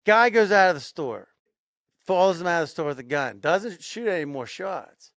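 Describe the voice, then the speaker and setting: A man's voice: sits high, lively intonation, moderate pace, a bit bright, no echo, clean studio sound. Storytelling man. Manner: repeats phrases for emphasis, frequent restarts; builds suspense while telling a story. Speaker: podcast co-host. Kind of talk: casual storytelling.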